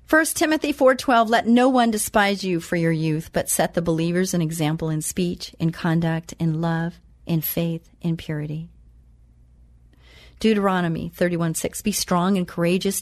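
A woman giving a motivational talk. She quotes scripture slowly and with emphasis, then chats about her own life. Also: lowish voice, no room sound. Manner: chatty and personal, tells anecdotes. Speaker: self-empowerment speaker.

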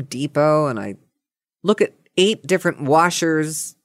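Animated woman telling a comic story. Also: on the low side, unhurried, no echo, clean studio sound. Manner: animated, exasperated, self-mocking.

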